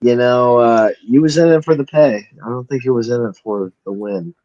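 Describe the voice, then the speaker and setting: A man's voice: medium pitch, normal speed, dark tone, dry recording, muffled recording. A man chatting casually on a podcast, giving laid-back opinions with fillers like "you know" and "I mean". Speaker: podcast co-host. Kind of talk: casual chat.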